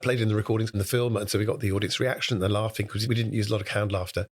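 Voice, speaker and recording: A British man, a guest impressionist, telling stories in a brisk conversational interview and breaking into voices. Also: fairly low pitch, steady tone.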